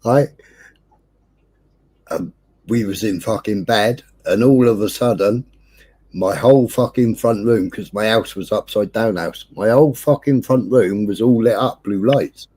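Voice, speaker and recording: With a lowish, unhurried voice, this English livestream host tells a lengthy tale in relaxed conversation. He curses nonstop and brings energy to it by performing the voices of the story's characters.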